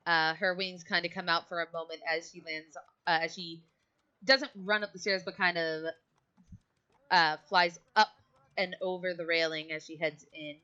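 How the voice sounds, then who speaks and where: A woman's voice: fairly low pitch, fairly even intonation, normal speed, bright, forceful tone. A woman narrating a tabletop game as game master, casual and hesitant, on a dull lo-fi mic.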